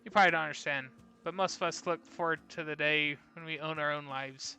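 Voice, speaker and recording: A man's voice: on the high side, fairly even intonation, a little fast, bright, forceful tone, soft background music. A man reading aloud the lines of a chatty, rambling woman who runs a gun shop, apologizing as she over-shares. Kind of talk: reading game dialogue aloud.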